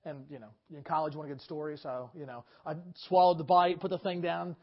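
High-voiced man preaching a sermon. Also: fast. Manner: earnest, frequent fillers and restarts. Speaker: pastor. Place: church service. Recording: dull lo-fi sermon recording.

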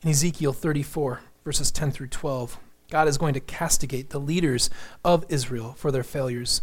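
A man's voice: fairly even intonation, normal speed. A man preaching a sermon, reading scripture aloud and pressing his points with rising emphasis, sometimes dropping almost to a whisper. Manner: earnest preaching, rises in pitch and force for emphasis, drops to a near whisper. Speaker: pastor.

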